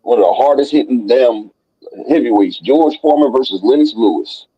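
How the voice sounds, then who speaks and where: A man hosting a casual boxing talk stream, profane and excitable as he rattles off dream fights. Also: medium pitch, a little fast, slightly rough, no echo, muffled recording. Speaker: boxing talk show host. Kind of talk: casual live stream banter.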